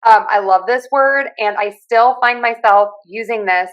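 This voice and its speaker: A woman from Pittsburgh with a Pittsburgh accent, a speech pathologist and communication coach explaining accent features in a clear, friendly teaching manner. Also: fairly high pitch, a little slow, dull audio. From Pittsburgh, USA. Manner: clear, friendly teacher who demonstrates sounds.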